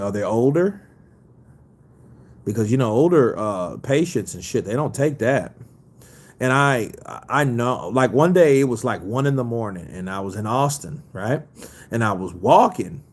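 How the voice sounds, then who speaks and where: A man's voice: medium pitch, a little mellow, husky. A man hosting a casual boxing livestream, reading viewer comments in a loose, profane way and laughing easily. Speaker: boxing news host.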